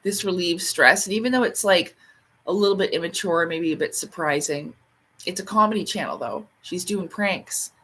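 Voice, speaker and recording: Chatty woman host on a casual livestream, rambles, laughs easily, swears lightly, jumps into high squeaky voices when quoting people. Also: normal speed, husky. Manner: reads out and answers viewer comments; acts out quoted lines in sharp, much higher bursts.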